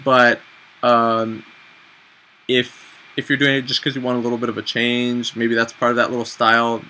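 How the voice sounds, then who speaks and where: Young male vlogger, 20s, bright and chatty, self-deprecating humor, faint background hiss. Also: medium pitch, normal speed, rough recording. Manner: chatty, animated, self-mocking. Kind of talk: casual advice chat.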